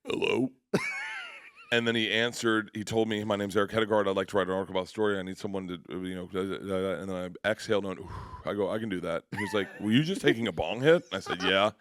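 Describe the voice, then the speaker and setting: A comedian telling rambling anecdotes in a radio interview, acting out other people's voices and laughing along. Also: male voice, low voice, little pitch movement, very fast, hardly any pauses, fairly bright tone, a little hiss or hum. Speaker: comedian guest.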